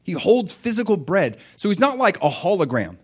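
A middle-aged man preaching a sermon in a casual, conversational way. His voice sits a little high and swings widely as he tells the story. He acts out the voices of the people in it with lots of expression. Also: moderate pace, husky. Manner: animated storytelling, acts out voices of biblical figures. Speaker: pastor.

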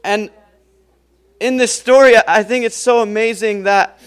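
High-voiced, clear young male preacher. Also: steady tone, measured pace. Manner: casual, chatty, frequent fillers and laughs. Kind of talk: sermon.

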